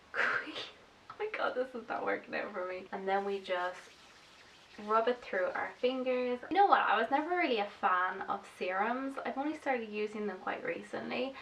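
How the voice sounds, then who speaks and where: A woman's voice: mid-range voice, vocal fry, fairly bright tone, far from the mic, a little hiss or hum, low-quality recording. A woman talking through her skincare routine in a chatty, casual tutorial, explaining each step with fillers like "like" and "um". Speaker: makeup vlogger. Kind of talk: casual get-ready-with-me tutorial.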